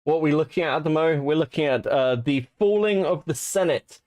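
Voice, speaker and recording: A man's voice: fairly high pitch, animated, fairly quick, a little mellow. A man from Europe hosting a livestream, talking casually in a rambling, profane way while he thinks aloud. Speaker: streamer host.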